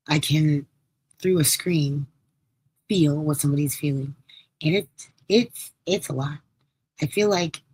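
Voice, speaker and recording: A woman hosting a live podcast stream, her voice a little hoarse as she recovers from losing it, chatting casually and playfully with listeners. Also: low-pitched, poor audio. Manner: chatty, laughing, storytelling with playful quoted asides. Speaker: podcast host.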